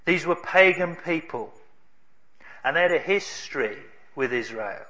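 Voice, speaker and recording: A man preaching a sermon, telling a story in an emphatic way with dramatic pauses. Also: fairly high pitch, lively intonation, pushed and bright.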